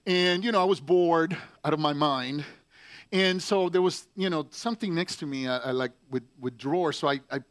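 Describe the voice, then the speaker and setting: A male pastor tells a story from the pulpit in a loose, chatty way, full of fillers. His voice sits a little high for a man. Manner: conversational, drifts off with filler words. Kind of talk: storytelling sermon.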